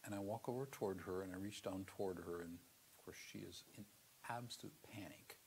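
A man's voice: sits low, a little fast, gravelly, a little mellow, slight background noise. A middle-aged man giving a seminary theology lecture, telling a personal story earnestly with sudden emphatic bursts.

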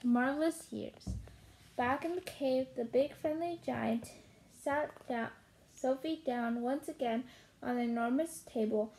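A woman reading a children's story aloud with steady, unhurried narration. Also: fairly high pitch, poor audio. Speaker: reader.

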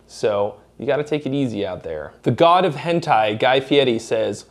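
A man's voice: mid-range voice, expressive, normal speed, few pauses. Guy from massachusetts answering viewer questions, blunt and swears a lot, no accent. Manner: blunt, profane, candid. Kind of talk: casual Q&A chat.

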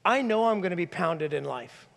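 A male pastor with a high voice delivers a lively, conversational sermon, slipping into the voices of the people he quotes. His words ring out with a long reverb from the church hall. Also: normal speed, creaky. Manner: animated, conversational preaching, acts out quoted voices. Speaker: lead pastor. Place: church sanctuary.

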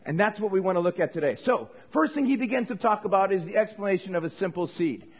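A pastor preaching a sermon in a church, talking conversationally with the congregation and calling for amens. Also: male voice, sits high, expressive, fast.

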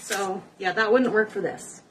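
In her kitchen, a woman hosts a casual home cooking demonstration, chatty and rambling, tossing joking asides to viewers. Her voice is medium in pitch and unhurried. The mic is distant, picking up faint background noise.

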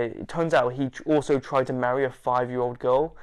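A man, an interview guest, telling stories casually, animated, laughing and swearing. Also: medium pitch, fairly quick, smooth. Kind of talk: casual storytelling.

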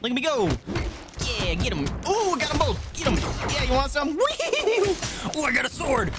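A game streamer giving excited live commentary while playing, swearing often and squealing and yelping at the action. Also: high-pitched, brisk. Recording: loud game music behind the voice.

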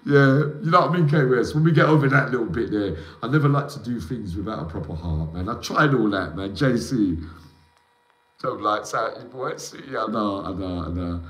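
Livestream host, male, lowish voice, loose slangy ramble to chat, roomy sound. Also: animated, brisk, fairly bright tone. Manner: calls out viewers by name, emotional, slangy. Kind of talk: rambling live chat with viewers. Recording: echoey room.

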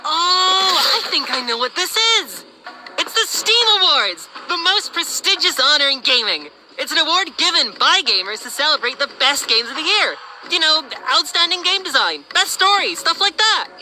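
Bubbly young game girl, high and super bright, bouncy, soft music under it. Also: sing-song, normal speed, slight background noise, heavily acted, low-quality recording. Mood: eager. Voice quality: bright and eager. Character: cheerful young woman in a game trailer. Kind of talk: game trailer voice acting.

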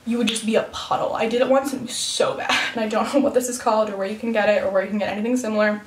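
A woman's voice: fairly high pitch, flat delivery, rapid-fire. A teenage girl vlogging about her skincare in a casual, rambling way, full of "like" and "um". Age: teens. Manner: chatty, rambling, fills with "like" and "um". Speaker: beauty vlogger. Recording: roomy, mic at a distance.

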